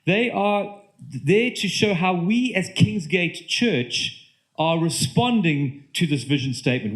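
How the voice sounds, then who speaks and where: A British man gives a church sermon in a slightly raised voice. He speaks earnestly, and his sentences often break off and start again. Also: on the high side. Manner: earnest, halting with repeated restarts. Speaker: pastor.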